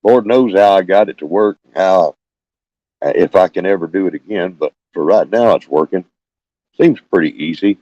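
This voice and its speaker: An older man, chatting haltingly with many fillers while hosting a live stream from his phone. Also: deep voice, dark tone, no echo, muffled recording. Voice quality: scratchy. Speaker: homestead channel host. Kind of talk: casual live stream chat. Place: small room with fans running.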